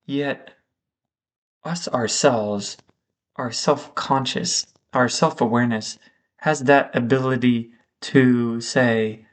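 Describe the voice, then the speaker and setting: In a reflective vlog, a man muses out loud, his speech slow and halting with frequent pauses. His voice is mid-range and even in tone.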